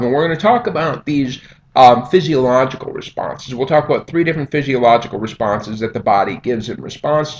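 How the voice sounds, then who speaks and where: A man's voice: mid-range voice, a little hiss or hum. A man giving a recorded lecture over slides in a conversational way, often checking in with "okay?" and "right?". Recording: dull lo-fi audio.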